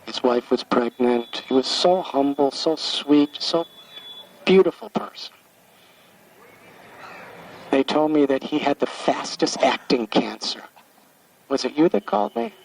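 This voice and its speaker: A man in his sixties from the United States, a spiritual teacher telling a devotional story in a gentle, halting way, often repeating words as he recalls. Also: fairly high pitch, expressive, creaky. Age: 60s. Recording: distant mic with faint background hiss.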